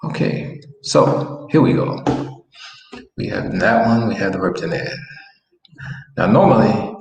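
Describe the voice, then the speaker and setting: Male language teacher, relaxed and repetitive, deeper voice, roomy recording. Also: gravelly. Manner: relaxed, repeats phrases slowly while writing on a board. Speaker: Spanish teacher. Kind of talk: online language lesson. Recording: echoey room with faint noise.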